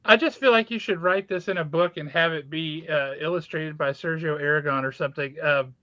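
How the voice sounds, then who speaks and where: A man hosts the chat and keeps breaking in with amused exclamations. His voice sits high. The sound is dry and somewhat muffled. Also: a little fast, pushed and bright, no room sound. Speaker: podcast host. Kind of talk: casual chat.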